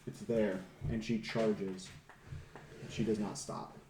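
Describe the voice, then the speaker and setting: Deep-ish dude running a tabletop game, slow ominous telling, roomy echo. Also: male voice, little pitch movement, mellow, slight background noise. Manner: slow, dramatic, ominous narration. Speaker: game master.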